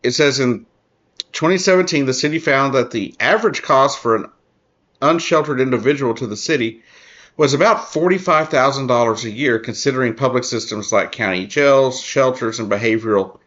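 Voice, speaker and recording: A man's voice: mid-range voice, a bit bright, muffled recording. A man hosting his own commentary show, reading an article aloud and adding earnest remarks, often restarting his sentences. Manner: earnest, halting, many restarts and fillers. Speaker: political commentary host.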